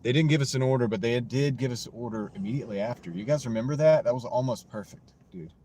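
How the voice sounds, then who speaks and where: Here the American driver streams from his parked car, quick-paced and joking, rambling as he reads what viewers type. His voice is medium in pitch with a dark tone, and slight background noise sits under the wireless mini clip-on mic.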